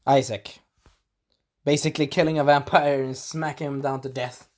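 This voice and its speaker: A man giving a casual spoken episode recap, animated and breaking into character voices, clearing a scratchy throat. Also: normal speed. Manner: animated, acts out characters in sudden high voices. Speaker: video reviewer.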